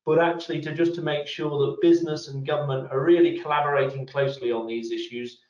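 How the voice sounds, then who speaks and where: A man giving a sober, measured update on a business webinar over a video call, with uhs and restarts. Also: on the high side, steady tone, darkish tone. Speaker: business lobby guest speaker. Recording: dull, echoey room sound on a video call.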